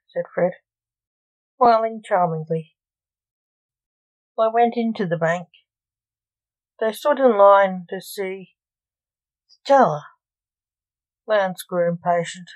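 Slow, low-voiced woman narrating a story. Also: dry recording, rough recording.

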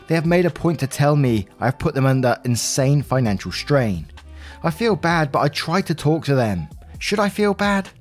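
A man's voice: medium pitch, darkish tone. Chatty man reading stories. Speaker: channel host reading online stories. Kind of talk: casual story reading.

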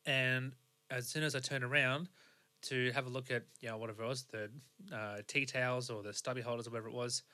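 A man's voice: mid-range voice, fairly even intonation, quick pace, sharp tone. A young Australian man hosting a podcast, telling a road trip story in a rambling, casual way with lots of fillers and restarts. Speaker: podcast host.

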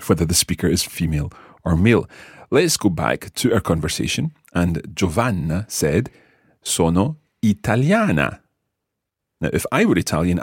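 A Scottish man with a very low, husky voice leads a podcast language lesson. His pitch rolls up and down a lot as he patiently explains and repeats each word. The recording is close and dry. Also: no room sound. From Scotland. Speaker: language teacher and host.

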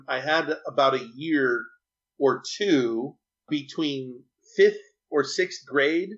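A man's voice: medium pitch, a bit bright, dull audio. A man being interviewed, telling a personal story in an earnest, chatty and rambling way. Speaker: interview guest.

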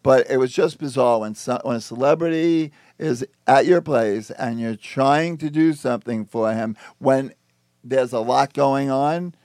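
A man speaking as a guest in casual chat, calm and matter-of-fact. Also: medium pitch, measured pace, no echo, studio quality.

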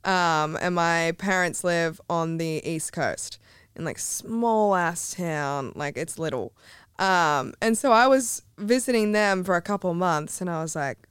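A young woman tells stories in a loose, animated podcast chat. Her voice is smooth and clear, recorded close with almost no room sound. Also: on the low side, measured pace, no room sound. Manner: animated storytelling, swearing, laughing. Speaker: guest.

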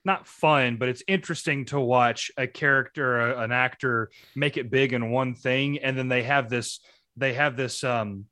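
A man co-hosting a casual movie podcast, agreeable and quick to affirm, eager when recommending films. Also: medium pitch, fairly even intonation, pushed and bright, no room sound, clean studio sound.

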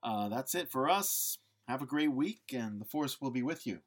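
A man hosting a podcast, relaxed and self-deprecating in casual chat. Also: mid-range voice, moderate pace. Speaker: podcast host.

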